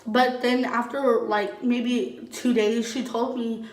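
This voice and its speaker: A woman's voice: on the high side, level tone, slow. A young adult woman vlogger telling her own story in casual, candid talk, swearing often and saying "like" a lot. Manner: candid and blunt, heavy use of "like" and swearing. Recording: echoey room, voice from a distance.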